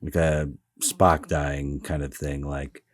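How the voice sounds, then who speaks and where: A man's voice: extremely low pitch, level tone, takes it slowly, no room sound. A man co-hosting a casual comics podcast, trading dry sarcastic jokes and musing over old stories. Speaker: podcast co-host. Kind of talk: casual chat about comics.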